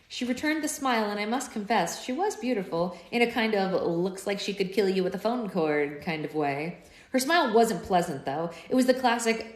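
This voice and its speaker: A woman's voice: on the low side, normal speed. Book club host, woman, reads aloud with playful tangents, roomy sound. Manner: chatty, playful, goes off on tangents. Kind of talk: live read-aloud with casual asides. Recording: roomy echo.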